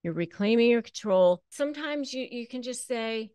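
A woman's voice: a little high, animated, normal speed, mellow, clear, resonant tone, dry recording, studio quality. A woman attorney and channel host giving direct advice to camera, emphatic and repeating key phrases for stress.

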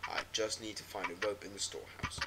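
A man voicing a paranoid, despairing middle-aged aunt in a hushed, low voice, over a noisy recording with clicks and ticking. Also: fairly even intonation, fast, vocal fry. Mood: hopeless.

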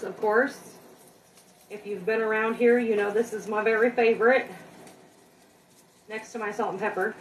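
A woman's voice: mid-range voice, roomy sound, far from the mic, slight background noise, low-quality recording. A woman chatting casually with her viewers as she cooks a simple meal on a live stream at home, talking to them directly and poking fun at herself. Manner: chatty and self-deprecating, talks to viewers directly. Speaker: home cook hosting a live cooking stream. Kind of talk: casual live cooking chat. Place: home kitchen.

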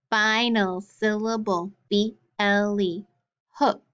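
A woman leading a phonics drill, saying each word and then its sounds and spellings clearly, with short praise. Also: mid-range voice, drawn-out words, fairly bright tone, muffled recording. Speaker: phonics teacher.

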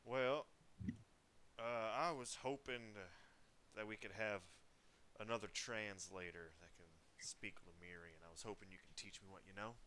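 A man's voice: on the low side, steady tone, sharp tone, slight background noise. A man taking part in a tabletop game as a player, talking in an easygoing way. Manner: easygoing, quick to laugh. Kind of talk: casual tabletop game chat.

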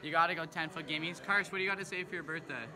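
A man's voice: on the high side, steady tone, racing, a crowd in the background. Slangy young man filming on his phone. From Canada. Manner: slangy, rambling, laid-back. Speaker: vlogger. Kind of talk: casual vlog chat. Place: outdoors and in a car. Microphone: phone camera at arm's length.

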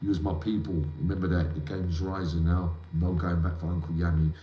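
A rambling man hosts a live chat, slangy and emotional, greeting viewers one by one. His voice sits fairly low. It rings in an echoey room. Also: flat delivery, fairly quick, dull audio. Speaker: livestream host.

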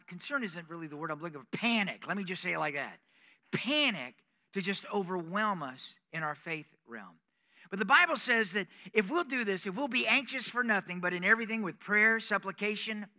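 A male preacher telling a story in a sermon. He is animated and acts out sounds with his voice. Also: sits high. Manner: animated, with vocal sound effects.

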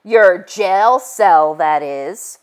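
A woman's voice: lowish voice, animated, drawn-out words, a little mellow. Woman reading a wisecracking egg detective. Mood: wry. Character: wry male egg detective, narrator-hero.

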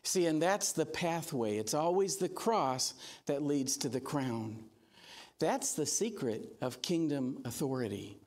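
A male pastor preaches in a church, his voice sitting notably high for a man. He takes his time, speaking slowly and deliberately. He is earnest, but he slips in humor and acts out little quotes as he teaches. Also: animated, darkish tone. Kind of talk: sermon.

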